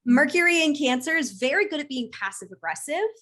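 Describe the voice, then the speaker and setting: A woman in casual podcast chat about astrology, lively and laughing often, acting out little quoted voices. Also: sits high, a little fast, slight background noise.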